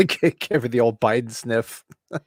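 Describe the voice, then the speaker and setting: A man's voice: mid-range voice, measured pace, darkish tone, dry recording, studio quality. A man hosting a casual live movie watch-along, rambling and restarting his sentences. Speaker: host. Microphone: webcam stream setup.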